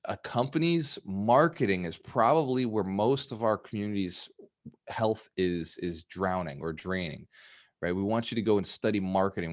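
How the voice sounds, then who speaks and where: Energetic male coach on a video call. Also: lowish voice. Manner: energetic, repetitive, laughs often. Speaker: business coach. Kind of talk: live group coaching session.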